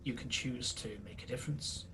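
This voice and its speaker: A man voicing a calm, wise older woman patron. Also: medium pitch, background noise, pitched below the performer's own voice, close to an everyday voice. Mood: measured. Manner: soft, measured, quiet.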